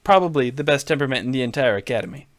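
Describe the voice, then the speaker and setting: A man's voice: medium pitch, expressive, racing, no room sound, clean studio sound, close to an everyday voice. A man putting on a boastful, blustering politician voice with punchy, repetitive bragging. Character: boastful blustering male politician impression, self-aggrandizing.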